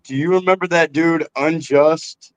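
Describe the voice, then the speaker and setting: A man's voice: on the high side, steady tone, unhurried, smooth, dry recording, low-quality recording. A man talking as a rapper guest in a casual interview, laid-back and swearing freely, calling the host bro.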